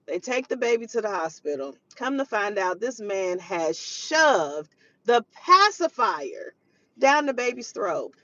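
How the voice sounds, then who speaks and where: A woman's voice: medium pitch, a bit bright, dry recording. A woman hosting a live parenting show, chatting to viewers, retelling a news story and quoting scripture. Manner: chatty, preachy, quotes scripture, greets viewers mid-story. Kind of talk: live-stream commentary. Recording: dull lo-fi stream audio.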